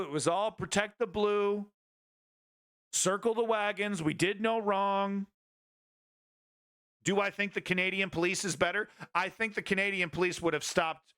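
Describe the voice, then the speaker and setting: Blunt, bright-voiced male commentary host. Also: sits high. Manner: blunt, rambling, swears freely. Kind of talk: casual political commentary stream.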